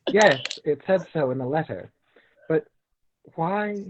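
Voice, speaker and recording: A woman's voice: low-pitched, lively intonation, slow. A woman voicing a wary widow in black. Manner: wary, questioning. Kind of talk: amateur live script reading. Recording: lo-fi with clear hiss.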